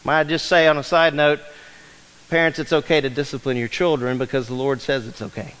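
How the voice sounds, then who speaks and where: Male pastor, 50s, high voice, emphatic preacher asking the room questions; long hall echo. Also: steady tone, brisk, fairly bright tone, smooth. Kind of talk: sermon. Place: church sanctuary. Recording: long reverb of a large hall.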